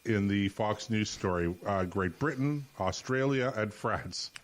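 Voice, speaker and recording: A man's voice: on the low side, measured pace. Man, podcast host, dry teasing, runs the topics, casual chat. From Canada. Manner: leads the talk, sets out topics, dry teasing.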